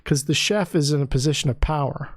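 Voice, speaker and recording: A podcast co-host with a voice on the high side chats casually and sarcastically, talking fast and telling stories with lots of energy and joking bits. The recording is dry.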